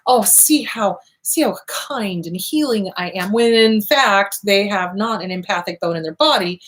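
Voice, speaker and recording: Blunt, emphatic woman giving advice. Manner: blunt and emphatic, repeats short commands; acts out quoted voices with big pitch swings. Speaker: host answering viewer questions on abuse recovery. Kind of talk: casual advice talk.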